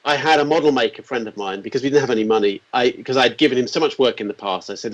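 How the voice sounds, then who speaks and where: A man in his forties telling animated anecdotes as an interview guest, acting out the quotes. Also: medium pitch, fast talker, few pauses. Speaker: guest, company founder. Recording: dull lo-fi sound.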